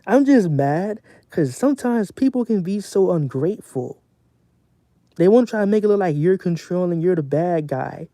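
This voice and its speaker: A young man streaming casually from home, venting in a profane, animated rant. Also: high-pitched, moderate pace, no echo.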